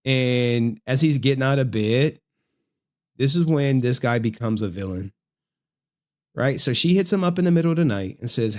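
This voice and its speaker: Guy on stream recapping a movie, animated, keeps saying right?, does little voices for the quotes. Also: medium pitch, moderate pace. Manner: animated storytelling with frequent "right?" check-ins; acts out quoted lines in shifting voices. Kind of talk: casual film recap on stream.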